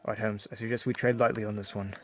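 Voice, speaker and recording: Dude doing a nervous sidekick doc, low and quiet, comedy skit, faint music behind. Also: male voice, brisk, close to an everyday voice. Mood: anxious. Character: fretful male sidekick doctor Watson. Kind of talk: amateur comedy audio sketch.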